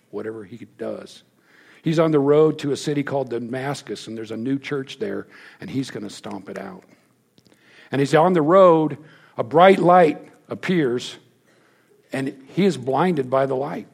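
A man delivers a sermon with a gravelly, slightly husky voice. He tells the story emphatically, then drops his voice to hushed lows for effect. His pitch sits in a middling range for a man. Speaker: preacher.

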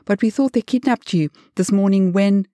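A woman's voice: medium pitch, normal speed, warm tone, no echo, clean studio sound, voice pushed up, close to an everyday voice. A woman voicing a nervous young male bodyguard who stammers and sounds agitated.

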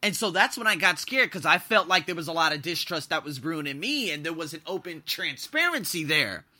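A young man hosting his podcast, telling stories in a casual, animated way, swearing freely and laughing at his own anecdotes. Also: a little high, brisk. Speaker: podcast host. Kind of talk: casual storytelling monologue.

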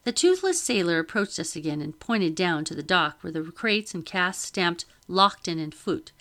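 A woman reads a novel aloud, with a slightly low but bright, clear tone. Her narration is steady and plain, with an occasional stumble she corrects. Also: moderate pace. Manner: steady storytelling, occasional slips and restarts. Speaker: reader.

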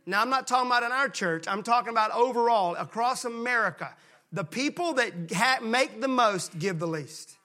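A man from Mississippi, preaching a sermon with emphatic delivery that slows down to stress key points and drops into quiet voices when acting out folksy characters. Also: very high voice, expressive. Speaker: pastor.

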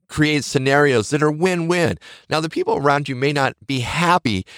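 A man's voice: medium pitch, a bit bright, no room sound, clean studio sound. A middle-aged man hosting a podcast, giving earnest, encouraging motivational talk that circles back to its key phrases. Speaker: podcast host.

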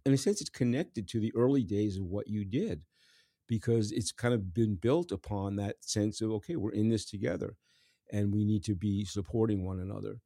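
Low mellow host guy, chatty, laughs a lot, dry close sound. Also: normal speed, dry recording. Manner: warm-hearted, chatty, laughs often. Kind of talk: casual interview chat.

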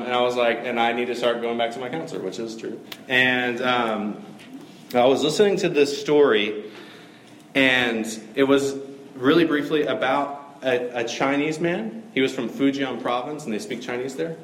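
In an echoey room with faint background ambience, a man preaches an earnest, conversational sermon, frequently using fillers. His mid-range voice has a fairly bright tone, and there's a slight hiss or hum on the recording.

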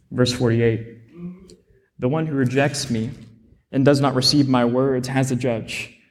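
A man's voice: mid-range voice, a little mellow, big-room sound. A man giving a Bible study sermon as minister, reading scripture aloud with rising emphasis and repeating phrases for stress.

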